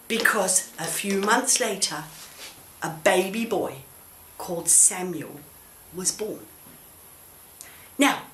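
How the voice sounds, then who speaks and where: A woman tells a children's Bible story with gentle, coaxing questions for her puppet. She speaks slowly, with a lively, rising and falling voice. The recording has a roomy echo. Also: mid-range voice, slight background noise.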